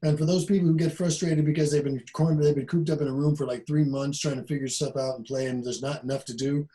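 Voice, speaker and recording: A man's voice: on the high side, steady tone, quick pace, mellow, rough recording. A male jazz trombonist being interviewed, talking casually and animatedly, acting out quoted exchanges and swearing now and then. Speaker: jazz bass trombonist guest. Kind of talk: casual conversation.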